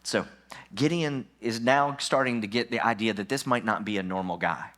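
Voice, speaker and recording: A man preaching a sermon in church as a pastor. He speaks emphatically, repeats key lines for effect, and shifts from low, quiet phrases to louder bursts for stress. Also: normal speed. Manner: emphatic, drops low then rises for stress.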